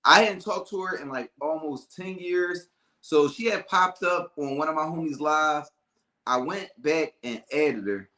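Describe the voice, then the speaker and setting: A man hosting a casual talk show, telling stories with lively acted-out dialogue. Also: fairly high pitch, measured pace, roomy sound. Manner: animated storyteller, acts out calm and angry callers. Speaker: podcast host. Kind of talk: casual storytelling chat.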